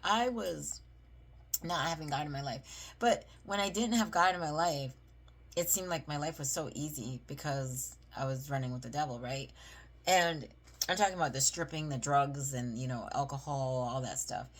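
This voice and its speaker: Low-voiced woman giving a casual devotional. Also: moderate pace. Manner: chatty, often asks "right?" and leans on emphasis. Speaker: Bible reading video host. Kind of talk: casual devotional talk and scripture reading.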